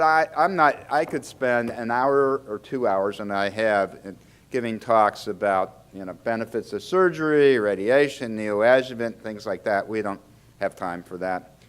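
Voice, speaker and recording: A man's voice: mid-range voice, smooth. A man giving a conversational medical lecture, chatty and often restarting his sentences, asking the audience questions. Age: older. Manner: chatty, self-interrupting, asks the audience questions. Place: lecture hall.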